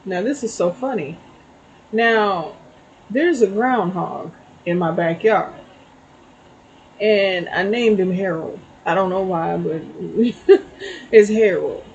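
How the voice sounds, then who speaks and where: A woman's voice: mid-range voice, slow pace, pauses often, a little mellow, dull audio, a little hiss or hum. A middle-aged woman giving a casual spiritual tarot reading, telling a story and checking in with "okay?". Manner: chatty, storytelling, frequent "okay?" asides. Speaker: tarot reader.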